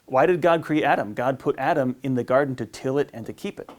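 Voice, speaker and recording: A priest giving a casual teaching talk on marriage, often stumbling over and repeating words and acting out little exchanges. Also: male voice, mid-range voice, fast. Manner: conversational, repeats words, acts out quotes.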